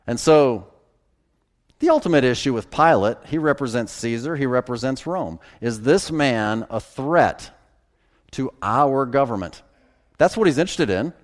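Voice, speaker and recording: A man's voice: medium pitch, expressive, unhurried. A man pastor preaching a conversational sermon, with sudden emphatic bursts.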